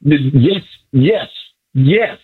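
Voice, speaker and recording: Excited man on a muffled phone line. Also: on the high side, drawn-out words, husky. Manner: exuberant, repetitive, stumbling fan. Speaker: caller. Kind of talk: excited sports radio call-in. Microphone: phone from a car.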